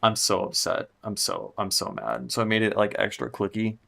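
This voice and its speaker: A young man with a lowish, gravelly voice talks through his music mix on a live stream, muttering and swearing as he works. Keyboard typing sounds sit behind his casual, frustrated running commentary. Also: level tone, moderate pace, fairly bright tone. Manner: frustrated, swearing, thinking aloud while tweaking. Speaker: music producer streaming his mixing session.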